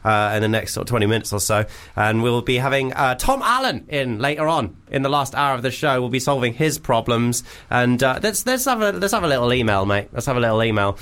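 A man's voice: mid-range voice, lively intonation, fairly quick, few pauses, fairly bright tone, clear, resonant tone. A man hosting a casual comedy radio show, jokey and laughing often. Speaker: radio host. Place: radio studio.

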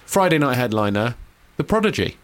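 Man, radio co-host, excitable, teasing, mid-pitched voice. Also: slight background noise. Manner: enthusiastic, teasing, quick banter. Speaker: radio rock show co-host. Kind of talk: casual radio banter.

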